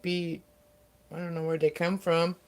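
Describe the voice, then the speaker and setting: A middle-aged woman chats loosely on her livestream, wandering from thought to thought and stopping to restart. Her voice sits a little low and comes through smooth and clear. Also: flat delivery. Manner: rambling, halting, with many fillers and restarts. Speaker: livestream host. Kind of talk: casual livestream chat.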